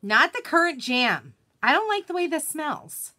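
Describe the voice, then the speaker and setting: A woman hosting a relaxed live craft demonstration in a slightly high, bright, forceful voice. She is chatty and self-deprecating, greets viewers by name as she works, and laughs easily at her own mistakes. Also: a little slow. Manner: laughs easily and jokes about her slip-ups. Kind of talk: casual live-stream craft tutorial.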